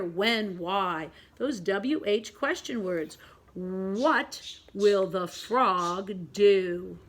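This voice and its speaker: A woman teaching a pre-K reading lesson, giving gentle step-by-step instructions and reading each sentence aloud slowly and with exaggeration. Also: fairly high pitch. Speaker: preschool teacher.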